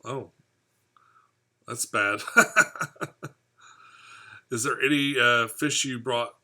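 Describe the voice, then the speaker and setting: Chatty man with a sharp, bright voice. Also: medium pitch, extremely slow. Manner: rambling, chatty, answering viewer comments. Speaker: aquarium hobby channel host. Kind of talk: casual live stream chat.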